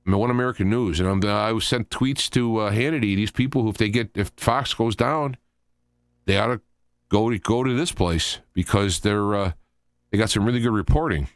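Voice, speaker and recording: A man's voice: lowish voice, moderate pace, no room sound. A man hosting a show, giving rambling, opinionated political commentary as he thinks aloud. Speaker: show host.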